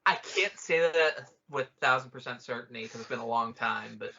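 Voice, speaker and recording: A man's voice: medium pitch, moderate pace, creaky, pushed and bright, slightly rough, dull audio. A man co-hosting a podcast, chatting casually and jokingly over a film, swearing often. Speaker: podcast co-host. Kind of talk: casual film commentary chat.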